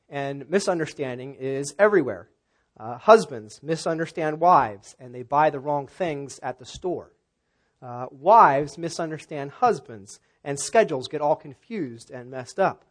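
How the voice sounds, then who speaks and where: Higher-voiced male pastor, conversational sermon. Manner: conversational, with frequent "uh" fillers.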